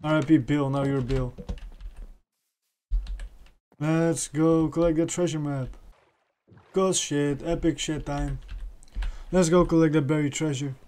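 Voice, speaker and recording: A man's voice: fairly high pitch, warm tone. A man giving casual commentary while playing a video game, chatting to himself and the creatures he meets. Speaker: gamer streamer.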